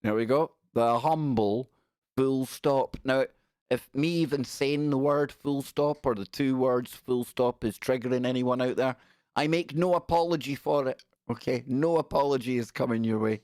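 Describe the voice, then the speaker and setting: A man's voice: medium pitch, moderate pace, a little mellow, no echo, studio quality. A middle-aged man hosting a live stream, giving sarcastic, exasperated commentary on the news.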